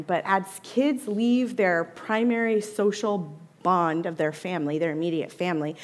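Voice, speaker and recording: A woman with a mid-range voice gives a church talk. She explains ideas in a measured, teacherly way, and her delivery stays steady. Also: mid-range voice. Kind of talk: sermon.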